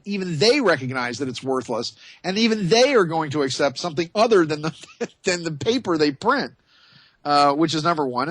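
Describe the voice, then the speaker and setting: Male radio host, chatty and rambling, slightly high voice, dry close sound. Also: fairly bright tone, dry recording. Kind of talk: casual radio talk.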